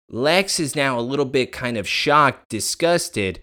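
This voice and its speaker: A man's voice: medium pitch, expressive, measured pace, sharp tone. Joking man co-hosting a recap podcast. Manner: joking, sarcastic asides, laughs along. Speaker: podcast co-host. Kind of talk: casual TV recap chat.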